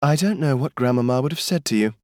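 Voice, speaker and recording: A man's voice: animated, fast, a little mellow, no echo, clean studio sound, natural voice. Man voicing scornful headstrong young woman. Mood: mocking. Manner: mocking, defiant, raised pitch. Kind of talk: audiobook character voice.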